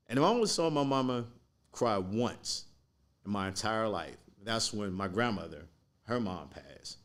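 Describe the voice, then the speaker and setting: A man speaking as a podcast guest, telling a personal story in a slow, earnest way. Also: lowish voice, expressive, a bit bright.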